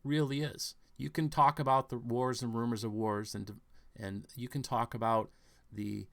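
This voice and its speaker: A man with a mid-pitched voice delivers a long, rambling commentary monologue. He is preachy and emphatic, and he circles back over his own phrases. He keeps checking in with the listener and sometimes turns on them to scold. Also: flat delivery, normal speed, creaky, a bit bright. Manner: preachy and emphatic, repeats phrases, asks "okay?" often. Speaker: podcast host.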